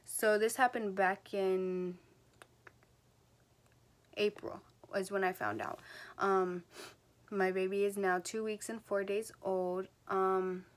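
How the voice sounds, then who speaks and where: A young woman in her late teens from New Jersey talks straight to her camera in a casual storytime vlog. Her voice sits at an ordinary middle pitch, and she rambles along with plenty of "like" and "um." She sounds like she's filming at home. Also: level tone, takes it slowly, long pauses. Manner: rambling, filler-heavy talk, full of "like" and "um". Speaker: vlogger.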